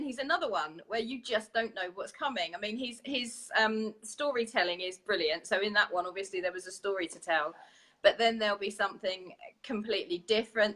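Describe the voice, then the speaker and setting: A woman's voice: mid-range voice, bright, forceful tone. A female radio co-host chatting enthusiastically, often restarting her sentences. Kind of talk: casual chat.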